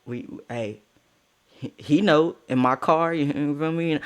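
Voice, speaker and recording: A young man telling a casual storytime with slang and swearing, breaking into high-pitched outbursts. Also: slow pace, smooth. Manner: animated, swings into high-pitched outbursts when quoting.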